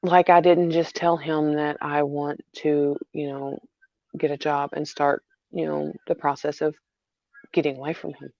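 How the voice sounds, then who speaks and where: Woman, gravelly voice, halting speech with fillers, dull dry lo-fi recording. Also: low-pitched, flat delivery, a little mellow, no room sound. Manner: halting, repeats herself, many fillers. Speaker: mother vlogger. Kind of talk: emotional personal vlog.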